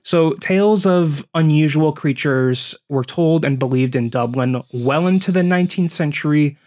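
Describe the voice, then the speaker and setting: Male podcast co-host, mid-range voice, relaxed storyteller walking through folk tales. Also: medium pitch. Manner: storytelling, explaining folklore from notes. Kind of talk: casual podcast chat.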